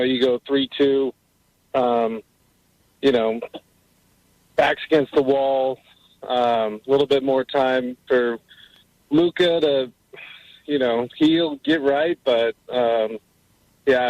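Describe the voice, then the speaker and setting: Slow, hesitant caller on a muffled line. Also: male voice, medium pitch, fairly even intonation, darkish tone, no echo. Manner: hesitant, full of fillers. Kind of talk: call-in radio chat.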